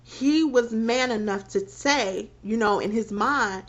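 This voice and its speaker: A woman in her thirties frankly telling a personal story on her vlog, animated and laughing between phrases. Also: fairly high pitch, takes it slowly, hardly any pauses. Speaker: vlogger. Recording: dull lo-fi recording.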